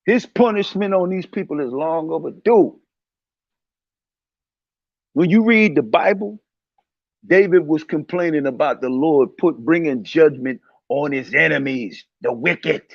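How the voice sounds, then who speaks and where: A man's voice: a little high, measured pace, creaky, no room sound, dull audio. A man hosting a casual religious commentary talk, speaking in a heated, preachy way and repeating his points.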